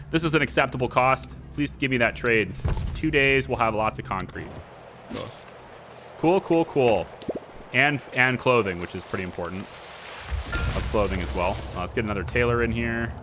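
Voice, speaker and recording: A man streaming a game, chatting and joking as he thinks aloud through his moves. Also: fairly low pitch. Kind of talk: casual let's-play commentary. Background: game music.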